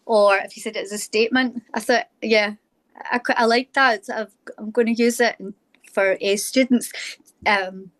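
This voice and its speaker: A friendly, chatty woman drama teacher with a fairly high voice. She joins the video call from her phone. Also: fairly even intonation, normal speed, fairly bright tone. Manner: friendly and chatty, laughs easily. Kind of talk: casual group discussion.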